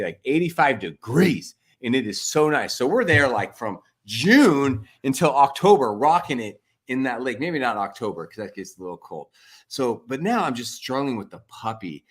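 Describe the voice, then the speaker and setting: A husky, mid-range male voice belongs to a forties-aged family coach on a podcast. In a casual interview he spins rambling, lively stories, constantly using "like" and "freaking."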